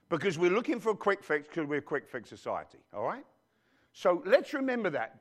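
A male pastor preaching a sermon in a church, who keeps calling out to the congregation with questions as he goes. He grew up outside the United States. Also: sits high. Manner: preachy call-and-response with the congregation.

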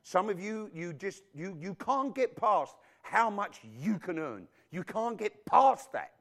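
A man preaching a sermon, emphatic and animated, throwing rhetorical questions at his congregation. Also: high voice, unhurried, few pauses.

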